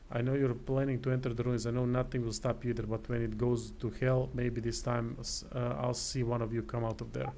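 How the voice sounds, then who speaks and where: A man's voice: medium pitch, level tone, a little fast, creaky, hardly any pauses, dark tone, slight background noise, lightly acted. A man reading the lines of a solemn male knight in black armor in a text game, in a plain, grave way. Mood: grim.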